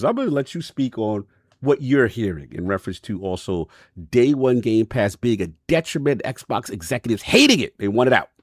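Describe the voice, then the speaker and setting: A man's voice: lowish voice, darkish tone, no echo, clean studio sound. A man hosting a casual gaming podcast, reading out quotes and laughing often with his co-hosts. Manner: reads quotes then hands off to guests, laughs often. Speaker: podcast host.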